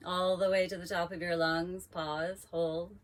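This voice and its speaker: A woman yoga teacher calmly leading a guided breathing practice with slow, drawn-out cues. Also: lowish voice.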